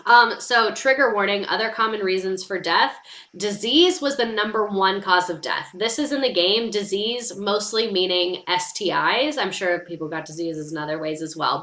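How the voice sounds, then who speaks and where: A woman's voice: medium pitch, a bit bright. A young woman streaming casual history talk, chatty and heartfelt, with lots of "like" fillers. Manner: chatty, emotional, many "like" fillers. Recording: roomy echo.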